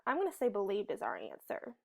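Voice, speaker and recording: A woman teacher thinking aloud through a reading lesson, slowly trying out each word choice in a sentence and musing over which one makes sense. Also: medium pitch, wildly swooping pitch, creaky. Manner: slow, musing, reads sentences aloud carefully.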